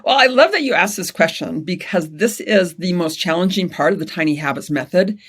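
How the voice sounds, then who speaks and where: A middle-aged woman speaking as a guest coach in a casual interview, animated and enthusiastic. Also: lowish voice, fairly quick, slightly rough. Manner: animated, enthusiastic, laughs often.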